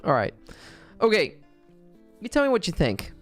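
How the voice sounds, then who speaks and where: A man's voice: high voice, wildly swooping pitch, normal speed, soft background music. A male streamer in casual livestream chat, laid-back and profane with joking asides, reading his own script aloud.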